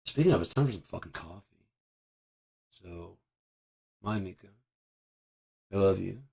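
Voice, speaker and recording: A man vlogging at home in a profane, rambling monologue. His voice is raspy and hoarse from screaming. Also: sits low, animated, unhurried. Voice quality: raspy, gravelly. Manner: profane, ranting, with bursts of loud shouting.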